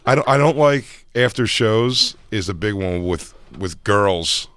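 A man co-hosting with a bright, sharp tone and a very lively, swooping delivery, always jumping into bits. It is recorded close and dry, with no room sound. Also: fairly low pitch, measured pace, clean tone, no echo. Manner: animated, jumps into bits and impressions. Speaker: podcast co-host. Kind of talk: casual podcast chat.

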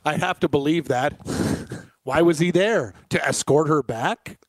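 A man co-hosting a casual sports podcast, laughing often and chiming in with quick agreement. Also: on the high side, dry recording. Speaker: podcast co-host.

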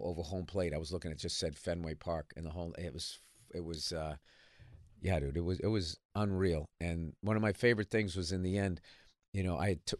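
A male comedian telling stories in a casual radio studio chat, profane and animated, with a throat a little rough from a cigar. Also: sits low, no echo. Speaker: comedian guest.

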